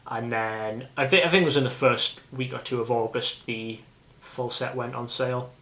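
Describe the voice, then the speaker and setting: A man's voice: medium pitch, steady tone, moderate pace, sharp tone. A British man hosting a casual chat about a card game, rambling and often restarting his sentences. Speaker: channel host. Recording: echoey room.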